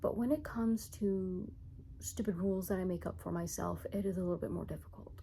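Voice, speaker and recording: A woman's voice: lowish voice, steady tone, moderate pace, creaky, mellow, a little hiss or hum, rough recording. A young woman vlogging in a rambling, self-mocking way, laughing often. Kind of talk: casual chat to camera.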